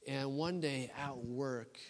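A man's voice: mid-range voice, takes it slowly. Man preaching in a reverberant hall. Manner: animated storyteller with many restarts. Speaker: guest preacher. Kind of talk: sermon storytelling. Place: church hall. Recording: long reverb of a church hall.

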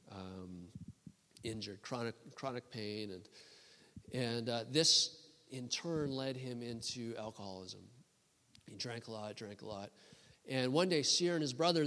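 A man preaching and telling a story to a church, with many restarts and a lively storytelling delivery. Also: mid-range voice. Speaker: guest preacher. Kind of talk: sermon storytelling. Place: church hall. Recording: long reverb of a church hall.

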